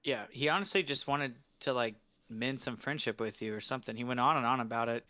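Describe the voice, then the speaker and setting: A man's voice: medium pitch, a little fast, sharp tone, no room sound. A man playing in a tabletop game, chatting in a joking, easygoing way. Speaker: player. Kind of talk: casual tabletop game chat.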